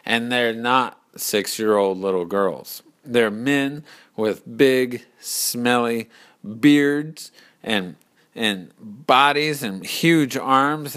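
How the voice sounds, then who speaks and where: A man telling a story slowly and deliberately, pausing to explain its lessons. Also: medium pitch, fairly bright tone. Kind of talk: storytelling narration.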